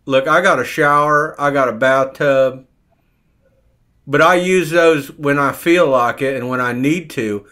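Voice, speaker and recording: A man's voice: medium pitch, measured pace, sharp tone. A man doing an impression of a bossy older male TV psychologist who prods and mocks the other man, repeating his name. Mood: needling. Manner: prodding, mocking, repeats the other man's name.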